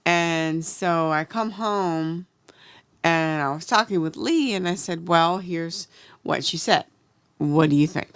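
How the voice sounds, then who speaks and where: An American woman co-hosting a podcast, telling a story in a chatty, animated way. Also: lowish voice, slow, clean tone, no echo. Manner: chatty, animated retelling with acted-out quotes. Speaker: podcast co-host. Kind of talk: casual storytelling chat.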